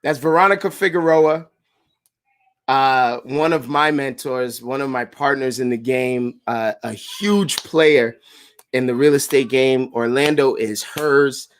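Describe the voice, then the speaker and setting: A sales director leads a live coaching call, talking a little slowly in a hyped, slangy style and repeatedly shouting out viewers by name. His mid-range voice jumps high when he gets excited, and it's picked up by a computer mic.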